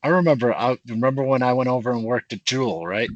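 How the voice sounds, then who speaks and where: A middle-aged man telling a long, animated story to old friends on a podcast, laughing as he goes. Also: mid-range voice, quick pace, no echo, dull audio. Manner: animated anecdote teller who laughs through his story. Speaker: podcast guest.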